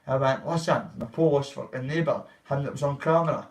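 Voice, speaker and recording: A man vlogger tells his livestream viewers a rambling, profane story, acting out what other people said. His medium-pitched voice is brisk, sits a bit far from the mic, and there's a little hiss or hum.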